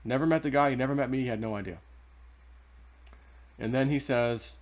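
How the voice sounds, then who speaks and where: A man of middle pitch tells a personal story in a loose, rambling way. He restarts sentences and drifts into asides as he goes. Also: a little fast, pauses often. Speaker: vlogger. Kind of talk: casual storytelling.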